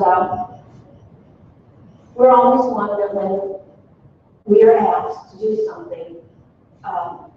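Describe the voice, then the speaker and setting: A woman officer preaching an informal sermon, chatty and quick, often breaking off and restarting her sentences. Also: medium pitch, slight background noise. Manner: chatty, quick, self-interrupting. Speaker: Salvation Army officer preaching. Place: church hall. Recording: echoey hall, distant mic, dull sound.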